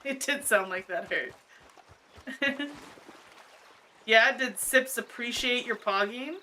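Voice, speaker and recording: Bright-voiced chatty woman streamer. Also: on the high side, slow pace, a little hiss or hum. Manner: chatty, laughs often, thinks aloud. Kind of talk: casual gameplay commentary. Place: home, cat on her lap.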